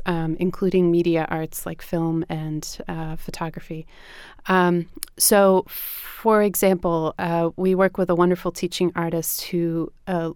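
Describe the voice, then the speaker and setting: A woman guest explaining her arts education work in a measured way, with frequent fillers. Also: lowish voice, a little mellow, clean tone, no room sound, clean studio sound. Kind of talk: interview answers.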